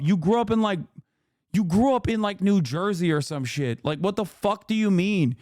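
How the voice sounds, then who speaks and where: A man's voice: high-pitched, animated, fairly quick, darkish tone, dry recording, clean studio sound. A man in his thirties streaming a reaction, ranting heatedly with lots of swearing and exasperated repetition. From grew up in a Muslim country. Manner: profane, exasperated, emphatic repetition. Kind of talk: heated casual rant.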